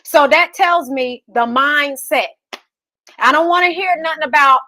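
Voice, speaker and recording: Fired-up, bright-voiced woman preaching money. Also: high-pitched, unhurried, dry recording. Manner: fired-up, preachy, rhetorical questions. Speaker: real estate investor and host. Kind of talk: motivational talk to camera.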